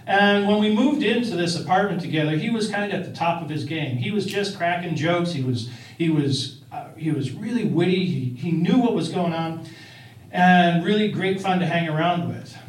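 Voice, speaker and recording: A man's voice: high voice, normal speed. A man telling a first-person story in a conversational way, with fillers and restarts. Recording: roomy, distant-miked.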